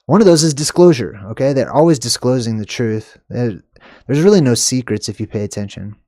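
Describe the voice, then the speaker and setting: A man hosting an excited commentary on clips, emphatic and animated, with sharp upward jumps on stressed words and lots of "okay" and "all right". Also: medium pitch, a little fast, dry recording, studio quality. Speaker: video host.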